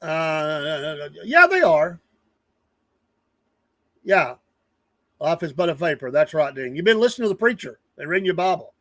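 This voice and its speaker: A man's voice: a little high, sing-song, a little slow, pauses often, fairly bright tone, dry recording. A man, hosting a casual live stream, rambling earnestly and greeting viewers from the chat by name. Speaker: livestream news show host.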